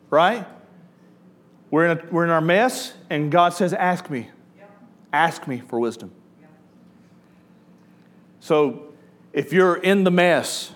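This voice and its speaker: A middle-aged man preaching a sermon to a congregation, talking in a conversational, storytelling way and asking the audience questions. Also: fairly high pitch. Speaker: pastor. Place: church before a live congregation.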